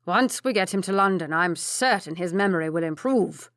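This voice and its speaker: A woman's voice: on the low side, lively intonation, normal speed, a bit bright, no echo, clean studio sound. A woman voicing a stern, domineering older duke who gives curt commands. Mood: commanding.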